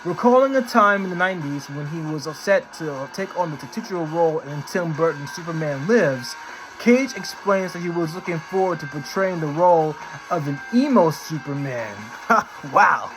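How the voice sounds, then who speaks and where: A man's voice: on the high side, lively intonation, normal speed, low-quality recording. A man hosting a casual vlog, chatty and upbeat, reading out a news article and laughing along. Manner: upbeat, chatty, laughs at his own impressions. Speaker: channel host. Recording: clear background music.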